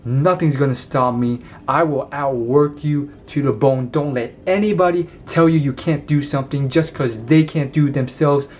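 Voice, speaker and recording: A man putting on an impression of a loud, forceful, supremely confident male actor, speaking emphatically with tremendous energy. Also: normal speed, few pauses, slight background noise, close to an everyday voice. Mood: pumped up. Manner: loud, booming, emphatic motivational delivery.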